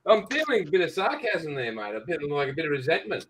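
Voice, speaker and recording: A man's voice: on the high side, huge pitch swings, fast talker, a bit bright, breathy edge. An Australian man chatting on a livestream, good-naturedly teasing the host. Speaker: guest on a livestream. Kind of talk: casual chat.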